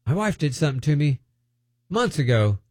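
Guy doing a freaked-out man squealing high. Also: sing-song, fairly quick, darkish tone, dry recording, clean studio sound. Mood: startled. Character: grown man, startled and rattled.

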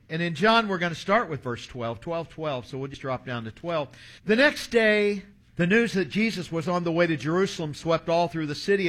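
A pastor in his sixties preaches a sermon that mixes stories with scripture he reads aloud. His bright voice sits a little high, and his manner is earnest, like a preacher's.

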